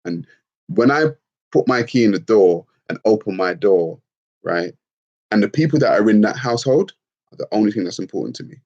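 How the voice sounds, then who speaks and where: Brief: man, low husky voice, blunt and profane livestream host, dull lo-fi audio. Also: brisk. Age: adult with children. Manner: blunt, profane, animated, laughs often. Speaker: livestream host reading chat comments. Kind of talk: casual livestream talk.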